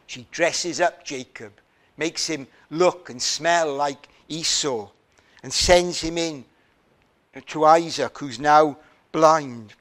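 A man preaching a sermon in a deliberate, emphatic way, often asking rhetorical questions. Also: fairly high pitch, a bit bright.

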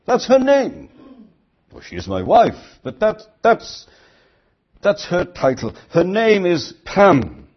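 An older male preacher delivers a sermon with a husky, slightly rough voice. He talks earnestly and lifts his voice for emphatic quoted lines. The recording sounds dull and lo-fi. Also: high-pitched, huge pitch swings, slow.

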